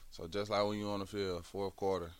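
A man's voice: deep voice, little pitch movement, brisk, clear, resonant tone. A college football player, a man, earnestly describing his work ethic in a radio interview.

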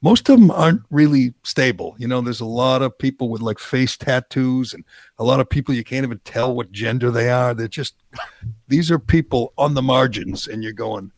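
A man's voice: medium pitch, moderate pace, a little mellow, dry recording. A man co-hosting a political talk show, riffing sarcastically with frequent restarts. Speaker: radio show co-host.

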